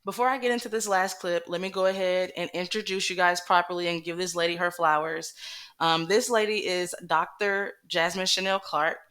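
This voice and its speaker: A woman host speaks in an earnest, reassuring way as she introduces a guest. Her voice is lower than most and smooth. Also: steady tone, normal speed, a bit bright. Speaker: compilation host. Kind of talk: casual introduction.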